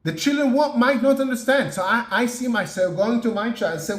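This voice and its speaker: Earnest high-voiced man, echoey room. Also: fairly bright tone. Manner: earnest, repeats "yeah?" and "okay?" as check-ins, slow emphatic phrasing. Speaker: motivational podcast host. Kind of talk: motivational talk.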